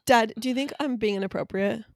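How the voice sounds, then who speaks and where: A woman's voice: on the high side, a little fast. A woman co-hosting a podcast in casual chat, gushing and joking, often breaking into laughter. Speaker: podcast co-host.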